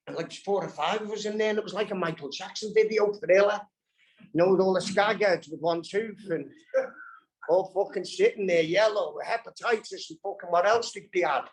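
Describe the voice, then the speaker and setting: A Scouse man with a gravelly, slightly raised voice tells his recovery story to a live room. He is blunt and profane, dropping swear words without a pause, and plainly talking rather than performing. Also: fairly high pitch, poor audio. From Birkenhead, England. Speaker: recovery workshop speaker. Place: live convention hall.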